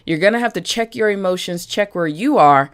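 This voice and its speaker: A woman's voice: lowish voice, animated, fairly quick. A woman business coach talking directly to live-stream viewers, chatty and frank, greeting people by name as she goes.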